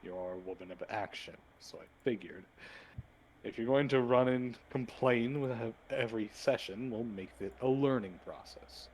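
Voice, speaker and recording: Guy putting on a grumbly old mentor, low and dismissive. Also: moderate pace, a little mellow, slight background noise, close to an everyday voice, rough recording. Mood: weary. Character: gruff older male mentor, harsh and weary.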